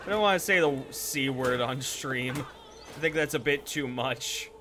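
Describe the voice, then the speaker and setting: A man's voice: medium pitch, lively intonation, measured pace, sharp tone, faint music behind. A young man giving rambling, casual live gameplay commentary, swearing freely and chatting with viewers. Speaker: Twitch streamer.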